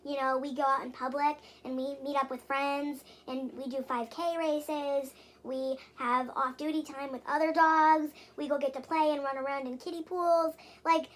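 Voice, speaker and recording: Young adult woman vlogger, high pitch, exasperated rambling rant. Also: a bit bright. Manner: rambling and exasperated, with frequent swearing and fillers. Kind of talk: casual venting vlog.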